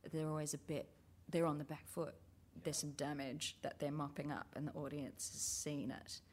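A woman's voice: low-pitched, level tone, moderate pace, a little mellow, slight background noise. A woman, a theatre writer, talking frankly and thoughtfully in casual chat, with some swearing.

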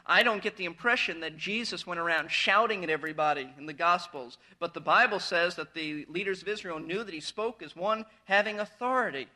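Bright high-voiced male preacher. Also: brisk, few pauses. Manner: earnest, emphatic preaching with rising stress. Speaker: pastor. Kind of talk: verse-by-verse sermon.

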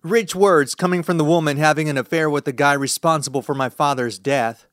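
A man reading a first-person thriller as an audiobook narrator, in a measured, tense storytelling manner. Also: a little high, fairly bright tone, dry recording, studio quality.

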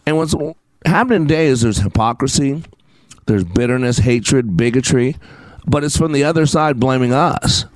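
A man in the middle pitch range hosts a talk show and tells stories in a loose, digressive way, restarting sentences and filling pauses. He sounds close and dry, with no room around him. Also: no echo. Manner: rambling and anecdotal with frequent fillers and restarts. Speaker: show host and customer service teacher. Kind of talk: casual spoken monologue with scripture.

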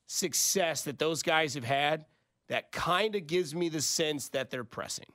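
Male sports talk co-host, higher voice, animated and argumentative, uses analogies. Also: clean tone. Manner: animated, builds arguments with analogies and acted-out quotes.

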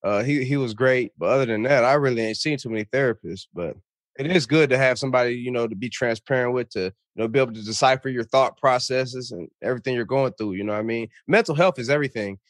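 A former football player co-hosting a casual chat, laid-back and slangy, often adding "you know what I mean". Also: male voice, mid-range voice, fast talker, no echo, studio quality.

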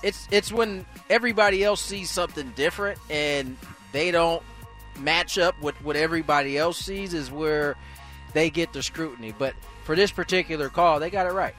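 A man's voice: a little high, moderate pace, a bit bright, soft background music. A man on a sports debate panel who restarts his thoughts with fillers, then lays out his points emphatically.

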